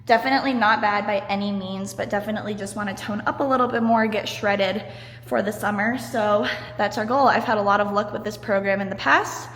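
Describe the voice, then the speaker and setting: A woman's voice: mid-range voice, fairly even intonation, a little fast, a bit bright. A woman vlogging after a home workout, chatty and upbeat, still out of breath, talking straight to her viewers. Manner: upbeat, chatty, says "you guys" and "like" a lot. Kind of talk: casual vlog chat. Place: home workout space, indoors. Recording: very echoey room with light music.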